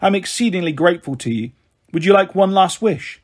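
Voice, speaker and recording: A man's voice: sits high, expressive, a little fast. A man voicing a proud, centuries-old female flower fairy in a storybook reading, with grand old-fashioned phrasing. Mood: gracious. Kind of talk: storybook read-aloud.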